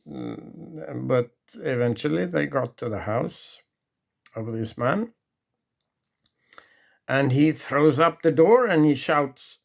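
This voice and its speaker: Storyteller, man, gravelly and unhurried, halting delivery. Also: mid-range voice, expressive. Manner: halting, with restarts and pauses. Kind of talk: retelling a true story from memory.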